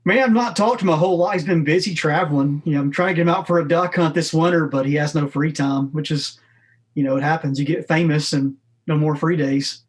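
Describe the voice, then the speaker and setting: A man with a fairly high speaking voice, talking easily as a podcast guest. He plays himself down and his stories come out in a relaxed, self-mocking way. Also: fast talker. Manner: laid-back, self-deprecating. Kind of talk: casual interview chat.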